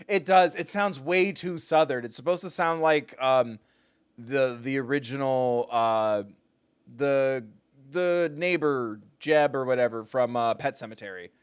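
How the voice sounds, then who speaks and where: A man's voice: medium pitch, a little slow, smooth, no room sound. A man streaming a game live, chatting casually and self-deprecating, laughing often. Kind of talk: casual live gameplay commentary.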